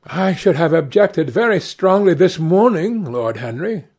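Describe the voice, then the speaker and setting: An earnest, impressionable young gentleman, voiced by a man who speaks eagerly and a little higher. His delivery is slow, husky and full of lively pitch. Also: exaggerated voice.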